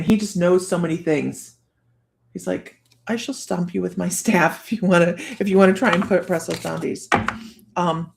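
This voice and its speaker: Gravelly middle-aged woman, rambling host. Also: lowish voice, darkish tone. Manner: rambling and chatty, full of fillers and restarts. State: hoarse from a cold. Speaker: psychic reader and live-stream host. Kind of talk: casual live-streamed psychic reading.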